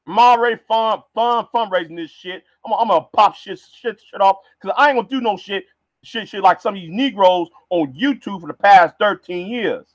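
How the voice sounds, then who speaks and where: Man, high voice, heated stammering rant, dry close mic. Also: moderate pace, dry recording. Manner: heated, stammering, repeats words. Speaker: vlogger. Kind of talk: ranting livestream monologue.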